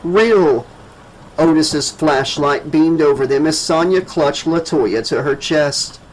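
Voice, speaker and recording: A man narrating a horror novel as an audiobook, measured and dramatic. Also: a little high, rough recording. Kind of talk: scripted narration.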